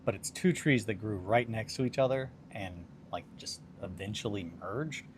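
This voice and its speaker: A man with a lowish voice chats casually while he glues and builds miniatures on a hobby stream. He tells his stories in a rambling, self-deprecating way. A steady hum of background noise sits under his voice. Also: normal speed. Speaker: hobby livestream host.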